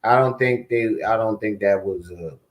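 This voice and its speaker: A man's voice: fairly low pitch, moderate pace, roomy sound. A man hosting a reaction commentary, mocking and talking back at the clips he plays. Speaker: commentary host.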